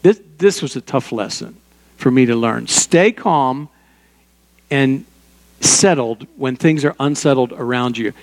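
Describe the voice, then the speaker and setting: A man's voice: medium pitch, measured pace, a little mellow, big-room sound. An older man preaching a sermon as pastor, in a conversational way with personal stories and small asides.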